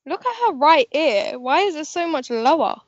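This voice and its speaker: High-voiced woman on a dull mic. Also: expressive, moderate pace, no echo. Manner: blunt, giggly teasing. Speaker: co-host. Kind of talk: casual live-stream chat.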